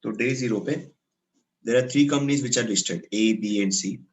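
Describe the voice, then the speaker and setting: A man's voice: medium pitch, brisk, low-quality recording. Indian lecturer quizzing his class. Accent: Indian English. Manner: questions students, then explains step by step, switching into Hindi.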